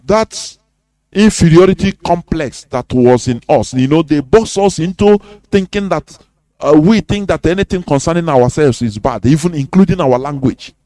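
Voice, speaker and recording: A man's voice: on the high side, normal speed, dark tone, no room sound. A man with a Nigerian accent giving an impassioned live radio talk. He is emphatic, often checks "you understand?" and chuckles between points. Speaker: radio presenter.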